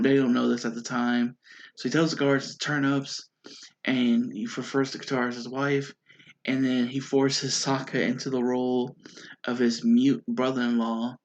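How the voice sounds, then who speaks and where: A YouTube show reviewer gives a casual, excited spoken review, rambling with lots of fillers and restarts. His voice is medium-pitched, with slight background noise and a dull lo-fi recording.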